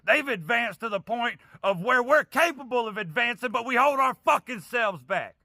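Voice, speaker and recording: Furious male ranter, swears constantly, sharp high voice, dry close sound. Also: expressive, moderate pace, no echo. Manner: heavy profanity, angry and preachy. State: angry. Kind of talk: impassioned vlog rant.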